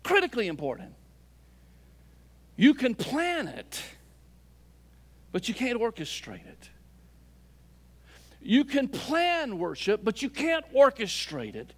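A man preaching a sermon as a pastor, swinging between loud emphatic lines and soft, low asides. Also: wildly swooping pitch, slow pace, pauses often. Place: church sanctuary.

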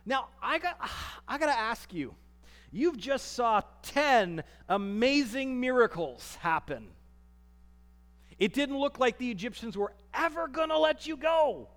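A man preaching a sermon, acting out the people he quotes and swinging from loud to soft. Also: very high voice. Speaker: pastor. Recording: long reverb of a large hall.

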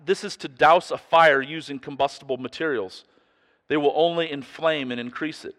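A man's voice: a little high, steady tone, moderate pace, a bit bright, in a large hall. A man preaching a sermon in an earnest, emphatic way, putting pointed questions to his listeners. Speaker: pastor.

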